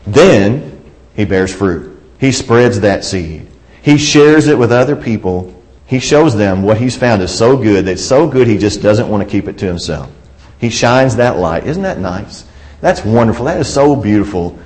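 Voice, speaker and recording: A middle-aged man preaching a sermon, earnest, asking the listeners direct questions and swinging between loud emphatic lines and hushed soft ones. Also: lowish voice, lively intonation, measured pace.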